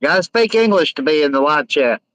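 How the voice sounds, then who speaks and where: A man with a fairly high voice hosts a casual live stream, reading viewers' comments aloud. He rambles and jokes bluntly. The sound is dry and close, with no room echo. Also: animated, a little fast, fairly bright tone. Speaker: livestream host reading chat.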